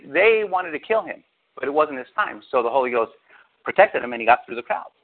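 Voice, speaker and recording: Middle-aged male pastor, sermon delivery, high-pitched voice, tinny phone-like sound, animated and sarcastic. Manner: animated storytelling with sarcastic asides.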